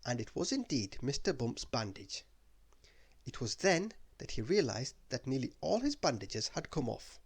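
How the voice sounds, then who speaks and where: A man reads a children's storybook aloud at bedtime. His husky voice swoops widely in pitch as he tells the story, and he sounds expressive throughout. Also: normal speed.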